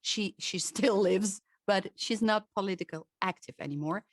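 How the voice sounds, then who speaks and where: A woman's voice: fairly even intonation, moderate pace, hardly any pauses, fairly bright tone, no room sound, clean studio sound. A woman with a Dutch accent, a voice coach giving a talk and demonstrating vocal sounds. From Netherlands. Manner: demonstrative, shifts pitch to show examples.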